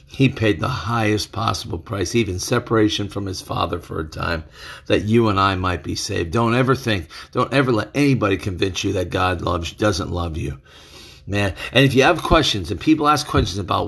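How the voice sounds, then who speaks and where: A man's voice: on the low side, normal speed, gravelly, a bit bright, husky. A male preacher teaching through a scripture passage in an earnest, emphatic way, repeating key phrases. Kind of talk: bible teaching sermon.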